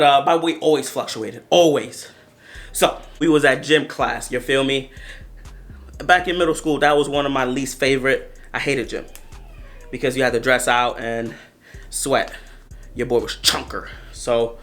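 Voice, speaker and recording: A man in his twenties telling a story to the camera in a casual, slangy, animated way, often talking straight to his viewers. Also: medium pitch. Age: 20s. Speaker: storytelling vlogger.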